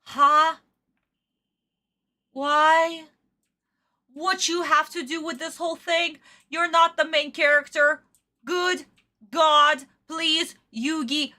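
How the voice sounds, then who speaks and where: High-pitched ranting woman streamer. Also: steady tone, takes it slowly, sharp tone. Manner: exasperated, swears a lot, rants at the screen. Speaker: streamer reacting to an anime episode. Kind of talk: casual live reaction rant.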